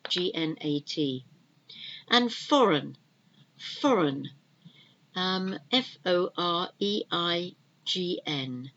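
A woman's voice: fairly low pitch, fairly bright tone, dull audio. A woman hosting a language-learning podcast, pronouncing words carefully and spelling them out letter by letter. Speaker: podcast host, English teacher.

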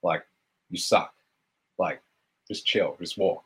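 A man's voice: deep voice, steady tone, takes it slowly, fairly bright tone, husky, pitched below the performer's own voice, heavily acted. A man voicing the nagging monkey in his head, a lazy tempter who coaxes him to skip his run. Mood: coaxing. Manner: lazy, coaxing, dismissive.

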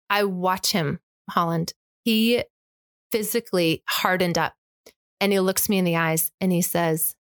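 A woman's voice: lowish voice, fairly even intonation, moderate pace, clean tone, no echo, studio quality. An emphatic, impassioned woman telling a personal story as a guest in conversation, acting out the exchanges. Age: adult with an eight-year-old child.

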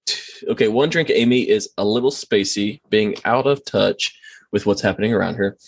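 A man's voice: lowish voice, moderate pace, gravelly, breathy edge, no echo. A man joking and bantering casually about a TV show.

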